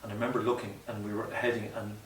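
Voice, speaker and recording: A man's voice: fairly low pitch, flat delivery, racing. A man as a podcast guest, telling his story in an earnest, reflective way with frequent "you know" asides. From Ireland. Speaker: guest, mountaineer. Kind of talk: conversational storytelling interview. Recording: roomy distant mic with faint hiss.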